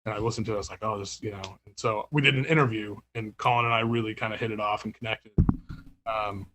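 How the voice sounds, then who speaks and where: A man's voice: on the low side, steady tone, quick pace, sharp tone, a little hiss or hum. Man, label owner, rambling chat full of fillers and little laughs. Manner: rambling, many fillers and restarts, laughs often. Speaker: label owner and music writer. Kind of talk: casual interview chat.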